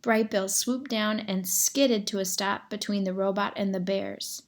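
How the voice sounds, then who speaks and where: A woman reads a children's novel aloud in a clear, steady storytelling voice. Her pitch sits in the middle, and she keeps an even narrator's pace. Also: unhurried.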